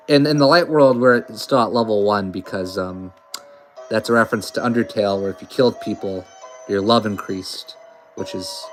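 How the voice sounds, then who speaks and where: A man's voice: lowish voice, low-quality recording. A young man giving casual, rambling let's play commentary with fillers. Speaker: gamer.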